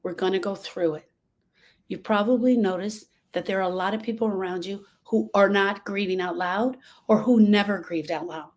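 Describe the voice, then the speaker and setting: A woman's voice: mid-range voice, moderate pace, darkish tone. A woman speaking to a live group about grief, with an earnest, emphatic manner. She acts out what other people say. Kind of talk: motivational talk to a live group. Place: room with a live audience.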